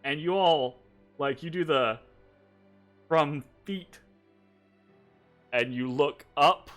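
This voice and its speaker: A man's voice: a little high, takes it slowly, fairly bright tone, soft background music. A man game master narrating a tabletop game in a chatty way, laughing and restarting often.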